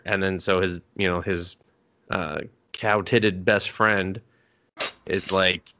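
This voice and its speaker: A young man casually recapping an anime film, rambling and profane, and acting out characters in quick asides. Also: deep voice, steady tone, pushed and bright, clean tone. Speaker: podcast co-host.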